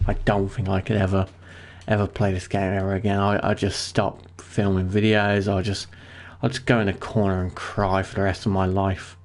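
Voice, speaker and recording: A gaming livestreamer with a low-pitched voice talks at a normal speed while playing a survival game. His commentary is casual and excitable, and he swears and breaks into panicky outbursts whenever things go wrong.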